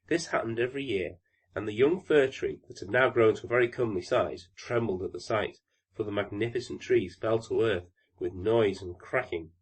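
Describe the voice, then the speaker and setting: A man narrating a classic fairy tale audiobook in a calm, even storytelling manner. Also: on the low side, husky.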